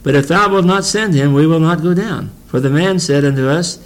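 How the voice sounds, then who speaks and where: A man preaching a Bible teaching sermon. His voice sits a little high for a man, and he reads scripture in the old phrasing. Between verses he turns folksy and chuckles. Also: brisk, poor audio.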